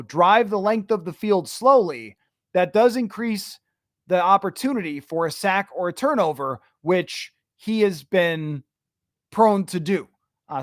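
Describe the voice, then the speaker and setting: High-voiced man hosting a sports talk show. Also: no echo, clean studio sound. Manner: conversational, thinks aloud with restarts. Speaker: podcast host. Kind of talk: casual sports talk reading listener questions.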